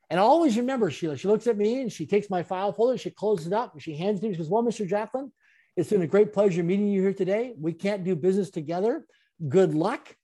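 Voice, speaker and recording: Guy talking fast, kinda high voice, chuckling storyteller vibe. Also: warm tone. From Canada. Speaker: interview guest, speaker. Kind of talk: storytelling interview.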